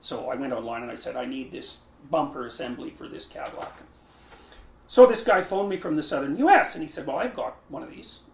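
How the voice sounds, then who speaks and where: A man's voice: medium pitch, a little fast, gravelly. A man lecturing who often restarts his phrases, thinks aloud and stresses key words. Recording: roomy echo.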